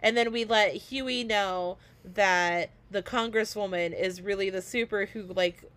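A woman's voice: medium pitch, measured pace, a bit bright. A woman co-hosting a podcast, recapping a TV episode in casual chat, hesitant and searching for words with many ums and uhs. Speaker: podcast co-host.

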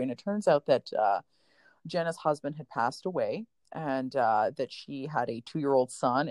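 A woman's voice: extremely low pitch, a little mellow, no room sound. Woman, coach, emotional, near tears, dry close sound. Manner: emotional, close to tears while telling a story. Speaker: guest, competition coach. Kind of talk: heartfelt storytelling in conversation.

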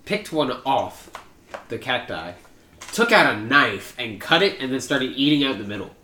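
A young man telling a rambling story with a bright, forward voice that swings up and down a lot. He swears freely and plays up the jokes. The sound is roomy and echoey, with a faint hiss underneath. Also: mid-range voice, sing-song, normal speed. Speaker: podcast co-host. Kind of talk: casual chat, crude banter. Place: home room.

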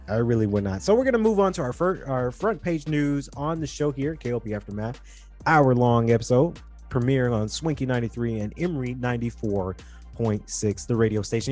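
A man's voice: medium pitch, darkish tone. A young man hosting a podcast in a casual monologue, rambling and earnest, often restarting his sentences. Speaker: podcast host.

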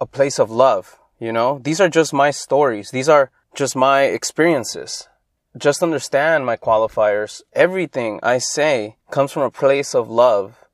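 Telling stories from his childhood, a young Los Angeles man hosts a casual solo podcast, drifting along loosely and becoming animated when he quotes people. His voice is medium-pitched, and the sound is clean studio audio with no echo.

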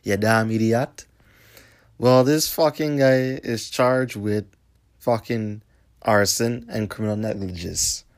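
A young man hosts his own show, talking in a low-pitched voice. His delivery is blunt and rambling, heavy with swearing and street slang. It sounds like a casual, unscripted monologue. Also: takes it slowly. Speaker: host.

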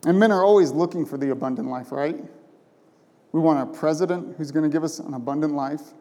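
Each phrase of this male pastor's sermon lingers in the sanctuary's long reverb. His slightly high, mellow voice is emphatic but conversational, and he keeps engaging listeners with quick rhetorical questions.

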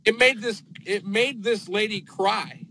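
A man's voice: high voice, a little slow. A young man from Texas, a plumber, telling stories animatedly in casual chat. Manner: animated, laughing storyteller. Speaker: guest plumber. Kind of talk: casual storytelling. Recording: noisy background hiss.

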